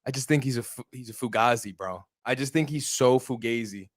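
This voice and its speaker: A man co-hosting a casual sports podcast, talking in animated run-on stories full of slang and swearing. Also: mid-range voice, fairly quick, dry recording, studio quality. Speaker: co-host.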